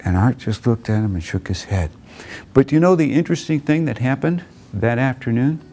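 A man giving an earnest, reflective lecture who tells stories and slows down and drops low for emphasis. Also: lively intonation, dark tone. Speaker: motivational lecturer.

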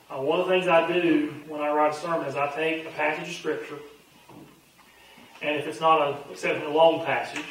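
A man's voice: fairly high pitch, recorded from a distance. Pastor guy chatting thru a bible study, earnest and folksy, lots of room echo, faint hum. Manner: folksy, earnest, conversational with frequent fillers. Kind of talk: casual Bible study teaching.

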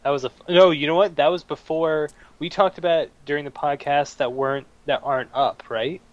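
A man co-hosting a podcast, speaking haltingly with frequent restarts. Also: fairly high pitch, steady tone, no room sound, muffled recording. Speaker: podcast co-host. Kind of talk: casual chat.

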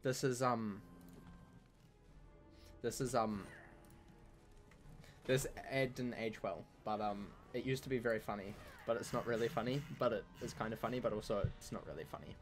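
A man's voice: fairly low pitch, normal speed, pauses often, faint music behind. A man chatting casually while streaming a game, playful and teasing, often repeating himself. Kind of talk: casual gameplay chat.

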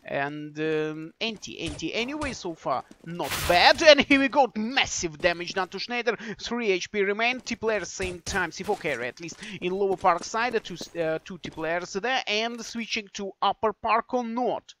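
A man giving live play-by-play commentary on a competitive shooter match. He is excitable and joking, repeats his phrases, and breaks into shouts at big plays. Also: sits high, moderate pace, hardly any pauses, slight background noise. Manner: repeats phrases, fillers, non-native English phrasing. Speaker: esports commentator.

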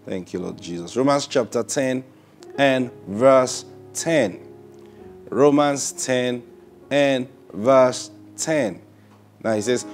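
A man's voice: medium pitch, animated, darkish tone, faint music behind. A man preaching a sermon, drawing out key words and repeating himself as he builds each point. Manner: drawn-out emphatic phrasing with repetitions.

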